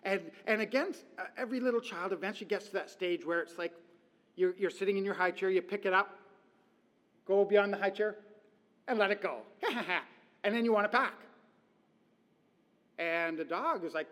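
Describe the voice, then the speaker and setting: A man with a fairly high voice preaches a sermon. He talks in a chatty, lively storytelling way. His voice rings with the long reverb of a large hall. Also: moderate pace, pauses often. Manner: conversational, animated storytelling. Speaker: pastor.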